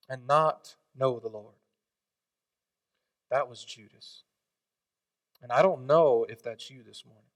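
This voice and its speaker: A pastor delivering an impassioned sermon in a fairly high voice. He swings between forceful emphatic lines and near-whispered asides. The recording is dry and he sits a little away from the mic. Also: no room sound, far from the mic. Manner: impassioned preaching, swinging from loud to hushed.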